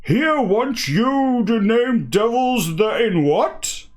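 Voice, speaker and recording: A man voicing a bellowing male sailor from Guernsey, roaring out gruff lines in a comic accent. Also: fairly high pitch, slow pace.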